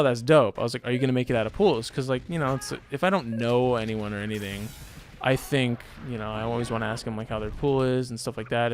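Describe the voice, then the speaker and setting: A man's voice: medium pitch, a bit bright, a little hiss or hum. A young man streaming from home, telling a story in a loose, rambling way with lots of fillers. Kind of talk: casual storytelling chat.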